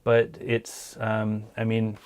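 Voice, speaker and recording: A man's voice: on the low side, completely flat delivery, slow pace, a little mellow, clean tone. A man hosting a casual livestream, answering viewer questions in an easygoing, hesitant way, tired and losing his voice. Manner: easygoing, hesitant with many ums.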